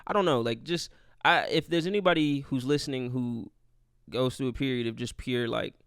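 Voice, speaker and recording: A man's voice: mid-range voice, normal speed, clear, resonant tone, no echo, studio quality. A young man hosting a casual solo podcast, rambling and profane, joking at his own expense. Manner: profane, rambling, self-deprecating. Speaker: podcast host.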